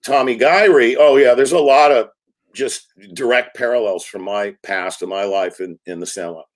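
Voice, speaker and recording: A man in his sixties, a film director, telling lively anecdotes in an interview and acting out quotes. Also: mid-range voice, moderate pace. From United States. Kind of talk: storytelling interview talk.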